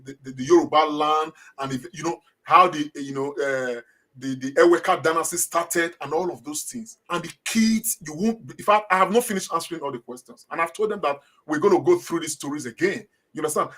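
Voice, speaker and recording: A middle-aged man with a Nigerian accent talks on a show in a slightly high voice. He rambles, leans on fillers, and restarts his sentences often. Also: a bit bright. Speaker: talk show host. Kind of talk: casual commentary.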